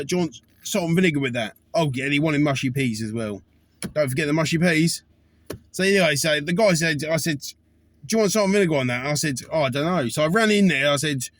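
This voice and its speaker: A man's voice: a little high, fairly bright tone. A man, a taxi driver telling rambling stories about his fares, full of fillers and restarts. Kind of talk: casual storytelling to camera.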